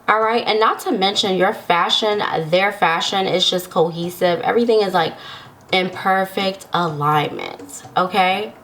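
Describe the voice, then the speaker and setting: A woman's voice: medium pitch, measured pace, a bit bright, a little hiss or hum. A woman giving a casual tarot reading to viewers, chatty and giggly, often checking in with the listener. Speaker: tarot reader.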